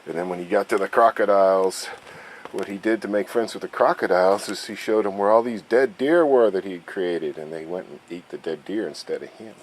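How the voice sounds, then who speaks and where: A man, a father, narrating an animated story outdoors, sometimes dropping to hushed tones. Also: deep voice, fairly quick, slight background noise.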